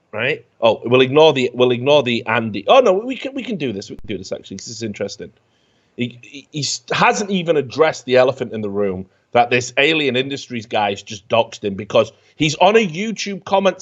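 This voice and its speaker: A man with a mid-range voice hosts a casual comedy show, reading out online comments and mocking them with sarcastic, animated asides. He swears freely and lets the jokes run on. The recording sounds dull and a little muffled. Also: mid-range voice, a little fast. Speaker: host.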